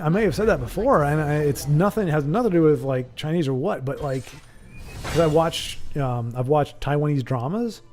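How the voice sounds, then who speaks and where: A man hosting a livestream, giving rambling, casual commentary on a card game, with sudden excitable outbursts. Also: on the high side. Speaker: livestream host.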